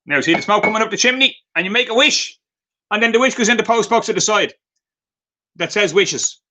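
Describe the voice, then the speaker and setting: Chatty Irish man, bright high voice. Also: a little fast, low-quality recording. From Ireland. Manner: chatty storytelling with many fillers. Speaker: craft vendor. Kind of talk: live product demonstration.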